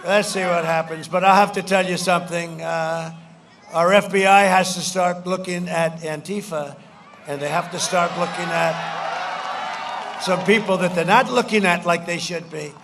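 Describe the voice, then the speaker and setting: Speaking into a stage mic outdoors against a noisy background, a man with a high-pitched, fairly even voice delivers a campaign rally speech at an unhurried pace. He's repetitive and boastful, slipping into mocking voices when he quotes others.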